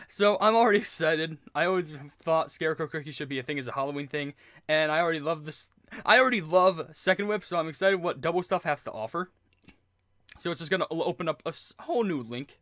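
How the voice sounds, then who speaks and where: A man hosting a gaming channel, gushing with excitement and stumbling over his words as he plays, with game music behind him. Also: on the high side, fast talker, no echo, clean studio sound. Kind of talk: excited let's play commentary. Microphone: earphones with mic.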